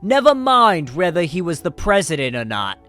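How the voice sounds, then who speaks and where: A man's voice: fairly high pitch, big pitch swings, soft background music. A man doing an impression of a ranting older male politician in a shaky, put-on New York accent, drawn out and indignant. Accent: New York, put on and drifting. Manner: loud, drawn-out, wavering fake accent.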